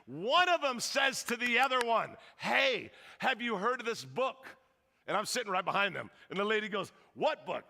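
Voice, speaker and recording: A man preaching a sermon as a pastor, telling a story in an animated, joking way and acting out the lines of the people in it. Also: high-pitched, normal speed, vocal fry. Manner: animated, joking, acts out quotes. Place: church hall. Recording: long reverb of a large hall.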